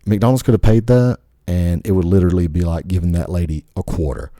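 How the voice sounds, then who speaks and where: A man's voice: deep voice, fairly quick, warm tone, no room sound, clean studio sound. A podcast host man in a casual, rambling rant full of crude swearing.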